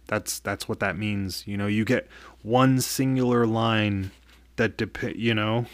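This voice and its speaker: Man with a low, dry voice. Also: fairly even intonation, no room sound. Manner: candid, profane, halting with frequent restarts. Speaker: vlogger. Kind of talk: casual personal storytelling.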